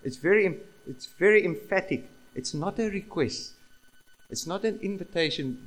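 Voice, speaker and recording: A male preacher delivering a sermon in a voice pitched a little above the usual. He talks emphatically, repeats key phrases and keeps asking his listeners questions. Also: expressive, moderate pace, rough recording.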